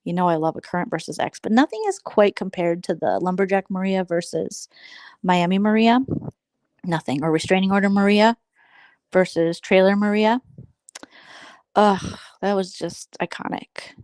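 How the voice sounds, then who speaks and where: A woman's voice: mid-range voice, normal speed, pauses often, darkish tone, no echo. A woman hosting a casual livestream chat, gossiping sarcastically and slipping into imitations. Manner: gossipy, sarcastic, slips into mimicry. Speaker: host.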